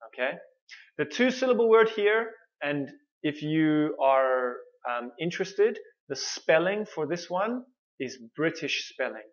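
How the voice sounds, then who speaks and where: A woman's voice: low voice, lo-fi sound. A woman teaching English pronunciation in an online lesson, drilling words syllable by syllable with careful repetition.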